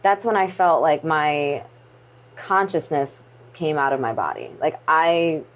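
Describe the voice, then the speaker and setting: Woman, 20s, low-pitched, interview guest, earnest, restarts often, somber. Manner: earnest, halting storytelling with restarts. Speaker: interview guest, pro wrestler. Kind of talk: candid sit-down interview.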